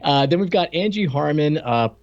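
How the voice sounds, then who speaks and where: A man's voice: fairly high pitch, lively intonation, moderate pace, highs cut off. A man co-hosting a podcast, chatting casually and fumbling over names. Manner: rambling, hesitant with names. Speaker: podcast co-host.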